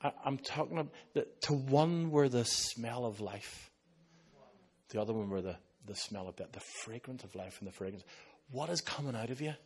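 A man with an Irish accent, a pastor preaching a sermon and telling stories in an animated way, slipping into other people's voices. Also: medium pitch, moderate pace, slightly rough. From Ireland.

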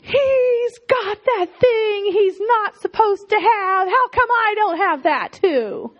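A whiny young child played by a woman pleads in a high, drawn-out voice. The complaint is stretched slow and shrill. The sound is dull and lo-fi. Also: expressive, full character voice. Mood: whining. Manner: high whining plea. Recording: dull lo-fi recording.

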